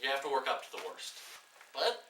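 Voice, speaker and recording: A man giving a sarcastic, profane comedy film review that builds into loud exasperated outbursts. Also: mid-range voice, big pitch swings, a little fast. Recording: roomy echo, distant mic, faint hiss.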